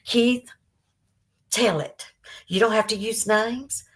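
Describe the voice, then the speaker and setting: A woman's voice: a little high, fairly even intonation, slow pace. A woman in her fifties with a Southern American accent, hosting a live podcast. She tells a painful personal story candidly and fights back tears, rambling with fillers as she answers viewer comments. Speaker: podcast host.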